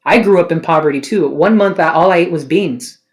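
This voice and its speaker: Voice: mid-range voice, fairly quick. A tarot card reader giving an emotional spiritual reading to camera, earnest and pleading, swearing casually and firing off rhetorical questions.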